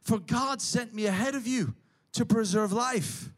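A man's voice: very high voice, measured pace. A man preaching a sermon, emphatic, building his points through repeated parallel phrases.

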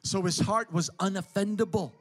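A man with a notably high-pitched voice delivers an emphatic sermon. He drives each point home with repeated, parallel phrases. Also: moderate pace. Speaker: preacher.

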